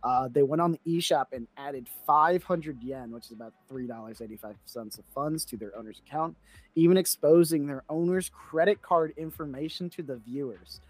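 A man's voice: on the high side, moderate pace, no echo. Laid-back, rambling male podcast co-host. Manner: rambling, laughing, trailing off mid-sentence. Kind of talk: casual chat.

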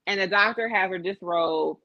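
A woman co-hosting a casual chat, telling stories in an animated, profane way and laughing often. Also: medium pitch, moderate pace, dry recording, lo-fi sound.

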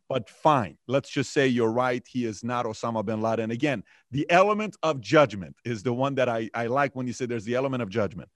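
A male interview host who talks in an animated, pushy way, tripping over his words and repeating them as he builds his point. The sound is dry, with no room around it. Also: mid-range voice, fairly quick, few pauses, no room sound. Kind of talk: casual interview.

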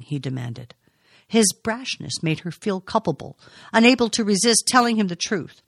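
A woman narrating a novel aloud in a measured, expressive way. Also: sits low, gravelly, no room sound, clean studio sound. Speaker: audiobook reader.

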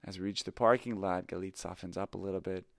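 A middle-aged man tells a confessional story with a very low voice and a gravelly edge of fry. He speaks in a reflective, candid, self-critical way, like an improv teacher thinking out loud. The recording is close and dry. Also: steady tone, fast, no room sound.

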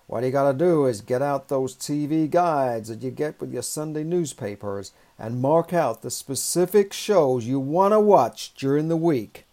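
A man putting on a slow, emphatic Southern drawl to imitate an older American motivational speaker. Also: mid-range voice, lively intonation, warm tone. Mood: preachy. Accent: American Southern, poorly imitated.

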